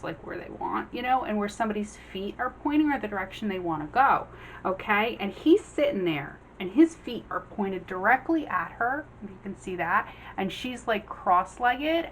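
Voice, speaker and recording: A woman giving a casual general tarot reading, chatty, acting out the figures on the cards in quick quoted voices. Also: mid-range voice, expressive, fairly bright tone, slight background noise, poor audio. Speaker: tarot reader.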